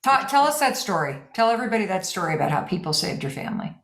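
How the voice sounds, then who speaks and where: A woman's voice: mid-range voice, very animated, fast, a bit bright, echoey room. A woman hosting an interview, asking curious, probing questions. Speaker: host. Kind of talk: interview conversation.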